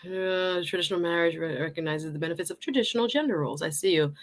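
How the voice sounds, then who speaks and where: A woman's voice: on the low side, fast. A woman hosting a live talk stream, chatting, laughing often and reading out viewer comments.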